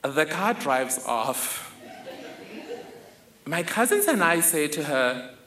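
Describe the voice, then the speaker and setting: A man's voice: on the high side, very animated, slow pace, bright, forceful tone. A young man telling a wry, vivid personal story on stage. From South Africa. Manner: vivid, wry, self-mocking. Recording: echoey hall, faint ambience.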